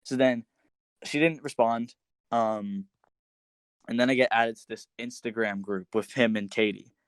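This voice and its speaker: A man's voice: mid-range voice, fairly even intonation, unhurried, smooth, dry recording. A young man on a casual podcast, retelling a breakup story with lots of fillers and restarts, switching into raised voices when he quotes others. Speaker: podcast guest telling a story.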